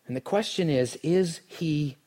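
A man preaching a sermon, telling the story dramatically and swinging from hushed lines to near shouts. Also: on the high side, a little slow. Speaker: pastor.

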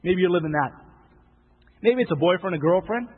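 A pastor delivers a sermon in a somewhat high, husky voice, animated and a little fast. His style is conversational and emphatic, repeating phrases and acting out quoted voices. The audio sounds thin and phone-like, with a long reverb from a large hall.

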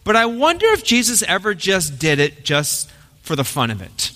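A man preaching a sermon, telling the story in a lively way and acting out the quotes. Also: sits high, normal speed, big-room sound. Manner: animated storytelling with acted quotes. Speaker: pastor.

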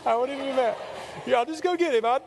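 Man playing a grieving woman, squeaky falsetto, breathless begging, very high, long hall reverb. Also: fast talker, gravelly, darkish tone, a little hiss or hum. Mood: frantic pleading. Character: distraught grieving woman, frantic and pleading.

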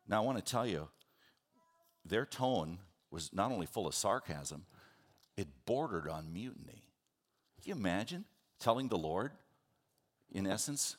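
A man preaching a sermon, earnest and animated, acting out the people in his stories. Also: on the low side, moderate pace, long pauses. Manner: earnest, animated, acts out the disciples in quotes. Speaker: pastor.

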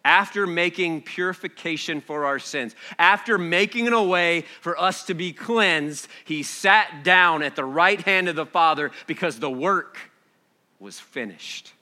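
A man preaching a sermon, reading scripture softly and then building to loud, excited exhortation with rhetorical questions. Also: on the high side, unhurried.

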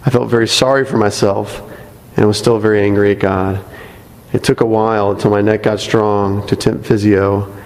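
Low-voiced man reading a testimony aloud. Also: little pitch movement, moderate pace, a little mellow, big-room sound, rough recording. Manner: earnest reading broken by light asides. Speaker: church member reading a testimony. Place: church sanctuary. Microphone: microphone.

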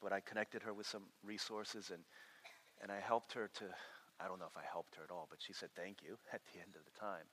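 Male pastor mid-sermon: animated storyteller who trips over and repeats words, bright forceful voice in a long-reverb hall. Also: sits low, fairly quick, slight background noise.

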